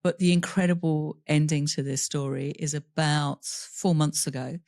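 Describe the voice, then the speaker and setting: A woman's voice: sits low, fairly even intonation, normal speed, darkish tone, no echo, clean studio sound. Candid woman retelling a hard story. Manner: candid, laughs through painful memories; voices other people in quoted dialogue. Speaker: podcast guest. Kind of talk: personal storytelling in an interview.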